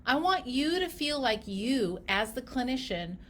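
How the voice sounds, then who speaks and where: A woman coaches clinicians on their practice, speaking straight to the listener. Her voice sits fairly high, and her delivery is emphatic and animated. She often drops into quick acted snippets of patient talk. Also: a little hiss or hum. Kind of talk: direct-to-camera business coaching.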